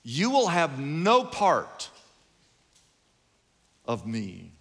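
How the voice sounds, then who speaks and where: A man preacher voicing a calm, patient male teacher, speaking low and slow in a long-echo hall. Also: full character voice. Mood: solemn.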